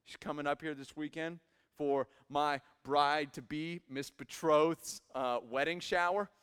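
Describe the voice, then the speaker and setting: A young man in his twenties preaching a sermon in a church, swinging from quiet asides to loud emphatic peaks. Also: on the high side, fairly even intonation, unhurried, clean tone. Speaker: pastor. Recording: hall reverb.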